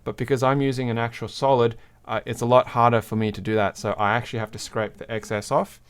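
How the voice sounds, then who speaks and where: A man's voice: mid-range voice, little pitch movement, quick pace, clear, resonant tone. A man hosting a livestream, casually talking through a hands-on craft demonstration at his workbench, explaining each step as he works and laughing now and then. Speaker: livestream host. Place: home workbench.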